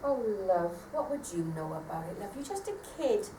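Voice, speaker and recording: Woman acting weary tearful mum, soft hesitant speech, echoey theatre heard from afar. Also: fairly low pitch, very animated, a little fast. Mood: despairing. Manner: soft, hesitant, self-deprecating. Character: weary depressed mother, tearful and self-doubting. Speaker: amateur stage actor. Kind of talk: live stage drama. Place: theatre stage. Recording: echoey theatre stage from far off, faint noise.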